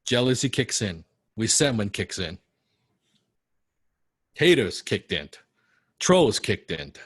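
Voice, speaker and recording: A man with a non-native English accent, coaching students in a blunt, forceful, profane and repetitive way. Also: on the low side, sing-song, slow, slightly rough, no room sound, studio quality. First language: not English. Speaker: copywriting coach. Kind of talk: motivational coaching talk.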